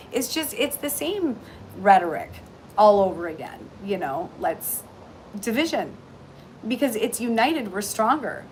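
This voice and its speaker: A middle-aged Canadian woman chatting casually and warmly on a livestream, full of ums and restarts, about heartfelt topics. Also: mid-range voice, sing-song, measured pace, a little hiss or hum, low-quality recording. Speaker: intuitive reader and shop owner. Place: aboard a cruise ship. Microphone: phone livestream.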